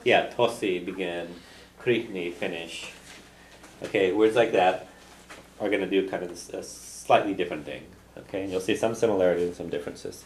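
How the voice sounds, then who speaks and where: A man's voice: low-pitched, normal speed, slight background noise. A man teaching a classroom language lesson. He explains patiently, models phrases for students to repeat, and often checks in with "okay?". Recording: echoey room with class chatter.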